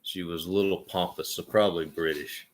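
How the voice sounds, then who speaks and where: A man's voice: deep voice, fairly even intonation, fairly quick. A man with a Southern US accent co-hosting a casual livestream, telling jokey stories in a drawl. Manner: drawling, joking storyteller. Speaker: co-host.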